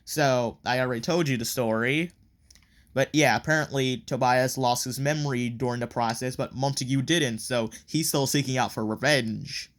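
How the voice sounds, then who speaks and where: A man's voice: medium pitch, steady tone, normal speed. A man giving a casual, rambling plot recap review, full of frequent ums and offhand, wry asides. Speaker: video reviewer.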